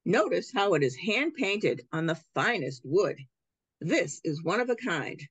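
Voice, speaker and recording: A woman reading as a calm, wise old peddler. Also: fairly low pitch, unhurried, slightly rough, dry recording, heavily acted.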